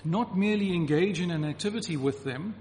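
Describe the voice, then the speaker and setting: A man's voice: sits high, brisk, darkish tone, a little hiss or hum. A man preaching a sermon to a congregation, emphatic and repeating key phrases to drive his point home. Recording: reverberant hall with faint ambience.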